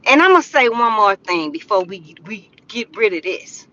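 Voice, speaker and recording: An older woman chatting casually on a livestream, talking straight to her viewers in a slow drawl. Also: mid-range voice, very animated, sharp tone, dry recording, highs cut off. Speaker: live streamer. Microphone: phone.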